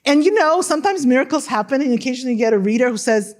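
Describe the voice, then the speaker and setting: A woman scholar speaking on a panel discussion about translation, animated and emphatic, often tagging her points with questions. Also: high voice, rapid-fire, hardly any pauses.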